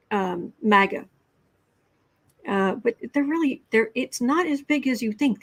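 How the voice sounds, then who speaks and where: A woman hosting a casual tarot livestream, talking in a halting way with many ums and restarts, blunt and sarcastic. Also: medium pitch, background noise. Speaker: tarot and astrology livestream host. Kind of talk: casual political commentary livestream.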